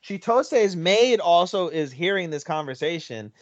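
A man's voice: sits high, measured pace, no echo, highs cut off. A man co-hosting an anime podcast, retelling an episode in casual chat with lots of swearing and energy. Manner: energetic retelling, swears freely, slips into Japanese phrases. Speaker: podcast co-host.

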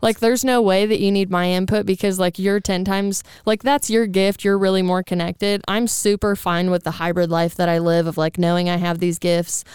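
Smooth-voiced woman telling stories casually. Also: medium pitch, normal speed, few pauses, no echo, clean studio sound. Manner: animated storyteller, acts out quotes, swears freely. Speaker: podcast co-host. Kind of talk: casual chat.

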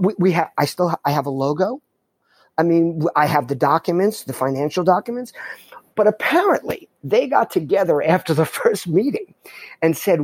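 A man's voice: fairly high pitch, a little mellow, no room sound. A middle-aged man from New York, a podcast guest telling a personal story in a candid, emphatic way, often restarting his sentences. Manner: emphatic, self-interrupting, heartfelt.

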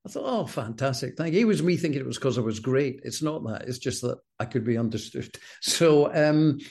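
A middle-aged Scottish man, a former broadcast announcer, telling stories with wry self-deprecating humour in a relaxed interview. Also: medium pitch, fairly quick, creaky. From Scotland. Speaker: former television continuity announcer, guest.

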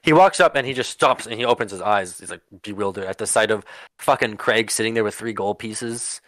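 Low-voiced man narrating a tabletop game. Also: a little fast, a bit bright, dry recording. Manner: rambling with many fillers and swearing. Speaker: game master.

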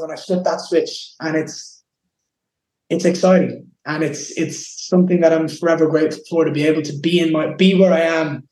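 An intense young Irish man with a high voice, speaking with raw emotion and plenty of swearing. He sounds like he is in an echoey room. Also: a little mellow. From Ireland. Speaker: guest fighter. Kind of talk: casual interview.

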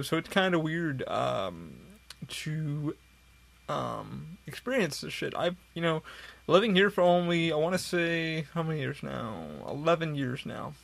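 A man's voice: on the high side, creaky, fairly bright tone. A man hosting a podcast, rambling casually with a lot of swearing. He sounds tired and yawns as he talks. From upstate New York. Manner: profane, rambling, tired and yawning. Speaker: podcast host. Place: hot room at home.

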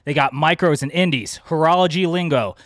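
A man hosting a casual watch quiz in a podcast, out of breath and joking loudly. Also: on the high side, a little fast, no room sound, studio quality. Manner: excitable, loud and joking. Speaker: quiz host. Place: house.

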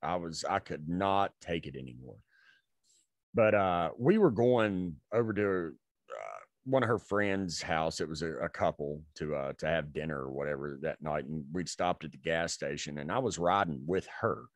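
A man's voice: rumbling low, animated, moderate pace, no echo. A man co-hosting a podcast, telling a rambling, profane story in casual chat. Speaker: podcast co-host.

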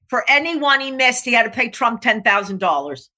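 A woman coach talking in an emphatic, animated way, acting out quotes as she tells stories and slowing down to stress her key points. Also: a little high. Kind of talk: coaching talk to an interviewer.

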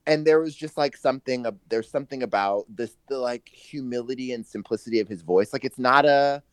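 A man in his forties co-hosting a casual gossip podcast, animated and quick to laugh, with playful slang. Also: medium pitch, clear, resonant tone, no echo. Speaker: podcast co-host.

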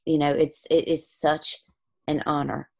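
Woman, gravelly low voice, lively storyteller who plays out the other voices. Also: a little slow. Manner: animated, acts out quoted voices. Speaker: guest, spiritual healer. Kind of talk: storytelling in conversation.

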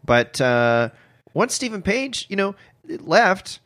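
A man's voice: high voice, very animated, slow pace, fairly bright tone. A man co-hosting a comedy podcast, teasing and provoking the others. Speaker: co-host.

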